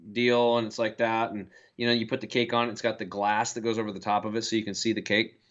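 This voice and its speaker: With a medium-pitched, fairly bright voice, this health guest from the United States tells stories in a casual interview, imitating the people he quotes. The audio is dull and lo-fi.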